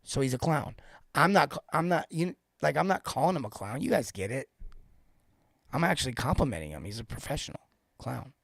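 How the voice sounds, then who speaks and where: A man coaching plumbing technicians on a live show, emphatic and animated, hammering his points home through repetition. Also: on the high side, brisk, vocal fry, no room sound, studio quality.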